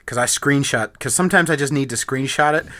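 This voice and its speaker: A man hosting a podcast in casual chat, animated and profane, laughing often. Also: mid-range voice, a little fast, no echo. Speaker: podcast host.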